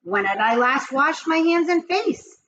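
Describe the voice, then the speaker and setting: Woman giving an expressive storybook reading. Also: sits high, measured pace, lo-fi sound, a little hiss or hum. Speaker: reader of children's books. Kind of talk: storybook read-aloud narration.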